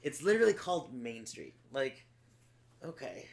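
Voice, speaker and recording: A man's voice: medium pitch, very animated, moderate pace, gravelly, slight background noise. A man from Los Angeles, a podcast co-host telling stories in a sardonic, profane way. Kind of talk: casual chat.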